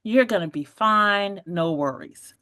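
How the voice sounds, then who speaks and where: This podcast guest, a woman in her forties, takes her time telling her own story, her mid-range voice lively and full of laughter as she imitates the people she quotes. The recording is dry and of studio quality.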